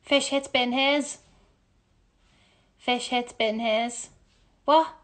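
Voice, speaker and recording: A woman's voice: on the high side, steady tone, extremely slow, fairly bright tone. A woman playing a word-guessing game into her phone at home, repeating phrases aloud with incredulous outbursts. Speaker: musical theatre performer. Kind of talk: casual selfie video game.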